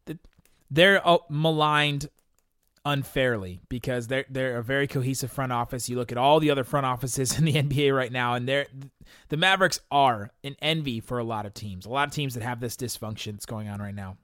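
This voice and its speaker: A man's voice: medium pitch, a little fast, fairly bright tone, no echo, clean studio sound. A young man hosting a podcast, chatting casually through listener questions, rambling with frequent laughs and restarts. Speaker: podcast host.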